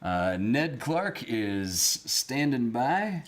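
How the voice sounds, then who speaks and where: Slow-talking, easygoing male stream host. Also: medium pitch, very animated. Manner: easygoing, greets chatters by name, chuckles at himself. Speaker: livestream music show host. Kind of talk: casual live-stream chat with viewers. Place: small cabin room, indoors. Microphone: streaming camera setup at home.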